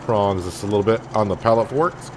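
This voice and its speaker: A man's voice: on the low side, a little fast, noisy background. A man casually commenting as he plays a farming game, thinking aloud with many fillers. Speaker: gaming channel host. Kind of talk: casual let's-play commentary.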